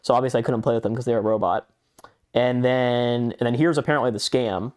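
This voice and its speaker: A young man co-hosting a casual podcast, mid-pitched and conversational. He rambles through a story, acting out chat messages in quick voices and swearing freely. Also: steady tone, a little mellow. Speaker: podcast co-host.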